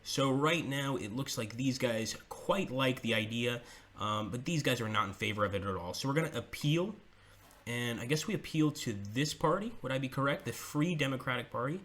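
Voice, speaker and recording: A man's voice: medium pitch, moderate pace, a bit bright. A man giving casual let's-play commentary, chatting to viewers and reading the on-screen tutorial text aloud. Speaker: gameplay commentator.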